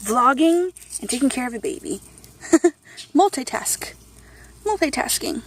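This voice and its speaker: A woman's voice: high voice, expressive, measured pace, a little hiss or hum. A young woman vlogging at home outdoors, chatty and rambling with lots of fillers, laughing often and cooing at her children while holding the camera herself. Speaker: vlogger and mother. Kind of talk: casual home vlog. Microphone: handheld camera, filming one-handed.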